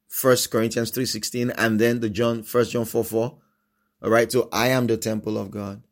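A man's voice: lowish voice, a little mellow. A male pastor preaching a devotional sermon with an earnest, pleading manner, repeating short phrases like a chant.

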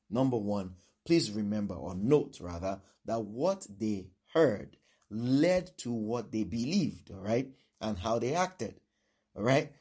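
A man's voice: lowish voice, a little mellow, husky. A male preacher giving a sermon who repeats his points and keeps asking "all right?".

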